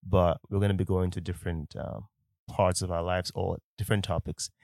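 A Nigerian man with a lowish voice co-hosts a podcast in an easygoing, casual way, often laughing. The sound is dry and close, taped in a small caravan bedroom. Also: little pitch movement, brisk, gravelly, darkish tone, dry recording. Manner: laid-back, laughs often. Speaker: podcast co-host. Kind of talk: casual chat. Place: bed in a caravan.

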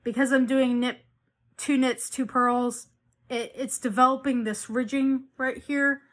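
A woman's voice: high voice, little pitch movement, unhurried, fairly bright tone. A woman hosting a knitting podcast, chatting casually and rambling with frequent restarts and self-corrections. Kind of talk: casual chat.

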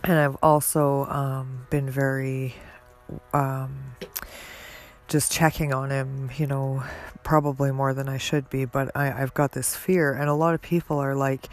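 A woman hosting a podcast, speaking in an earnest, halting personal monologue with many pauses and fillers. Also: extremely low pitch, level tone, soft background music. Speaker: podcast host.

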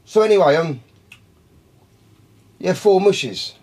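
A man's voice: sits high, lively intonation, takes it slowly, darkish tone. A man, telling a long, profane story in casual talk, rambling and calling his listeners by name. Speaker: podcast guest.

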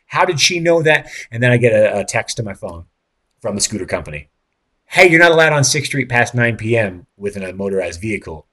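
Husky rambling man telling a story. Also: mid-range voice. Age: late 30s. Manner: rambling, excitable, swears, many fillers and restarts. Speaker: podcast host. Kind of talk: casual storytelling monologue.

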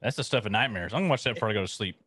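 A playful man chatting casually, his voice bright and forward with a lively, swooping pitch. The sound is dry and close, with no room around it. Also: rapid-fire, husky, dry recording. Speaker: co-host reacting to a series. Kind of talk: casual chat.

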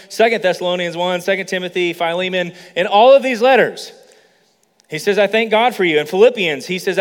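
A man preaching a sermon with animated energy, his voice sitting a touch high for a man. He acts out quoted lines with rising intensity. The voice carries a long reverb from a large hall. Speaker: pastor.

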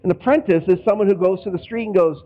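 A man's voice: high-pitched, quick pace, narrow, tinny audio. A man preaching as a pastor in a conversational way, from Northwest Indiana, slipping into quoted voices now and then. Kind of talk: sermon.

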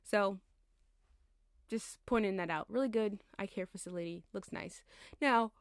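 A woman's voice: medium pitch, unhurried, smooth, dry recording, studio quality. A young woman in her twenties rambling casually and tiredly about her life, chatty and slangy, laughing as she digresses. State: tired, yawning. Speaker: podcast host.

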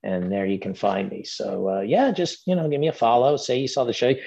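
Man, podcast guest, casual rambling chat, mid pitch, muffled lo-fi sound. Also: fairly even intonation, brisk, creaky, darkish tone, breathy edge. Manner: easygoing, rambling with many fillers. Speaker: guest actor.

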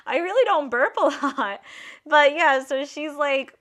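A woman in her twenties hosting a podcast, telling a story in a casual, animated way with lots of "like". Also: high-pitched, a little slow. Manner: chatty, heavy use of "like", animated retelling. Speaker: podcast host.

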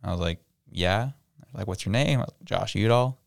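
A man co-hosts a relaxed podcast chat, with a deep voice that is smooth and has a gravelly edge. He tells stories and acts out the people in them. The sound is close and dry. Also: a little fast, no echo. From Canada. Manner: storytelling, acts out quoted people. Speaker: podcast co-host. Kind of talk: casual chat.

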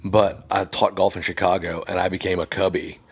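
Man, podcast host, very low pitch, husky, chatty, quick affirmations. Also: level tone. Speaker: podcast host, golf teacher. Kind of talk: casual interview.

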